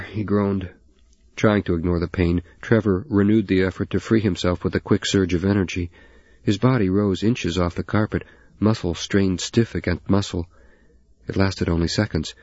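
A deep, husky man narrates a novel at a steady, even pace. The sound is very dry and slightly dull. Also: no room sound. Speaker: audiobook narrator. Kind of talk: scripted narration.

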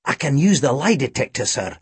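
A man's voice: mid-range voice, very animated, brisk, breathy edge, no echo, exaggerated voice. A man voicing a violent, thuggish male police sergeant with a growling, eager delivery. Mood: menacing.

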